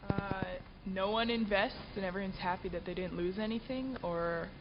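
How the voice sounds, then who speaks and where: A woman's voice: mid-range voice, normal speed. A female student answering in class, tentative and questioning. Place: lecture hall. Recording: lo-fi with room noise.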